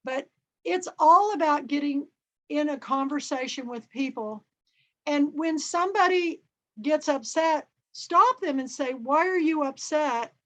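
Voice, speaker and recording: A middle-aged woman from Kansas hosting a club chat, telling a story in a lively, chatty way over a video call. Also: high-pitched, a little slow. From Kansas, USA. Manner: chatty, lively storyteller who acts out dialogue. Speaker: book and film club host. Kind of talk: casual chat with anecdotes. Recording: dull, muffled audio.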